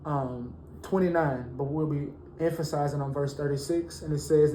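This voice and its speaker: A man teaching a Bible lesson, reading verses slowly and then preaching with rising fervor. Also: fairly high pitch, steady tone, mellow, echoey room, a little hiss or hum, rough recording.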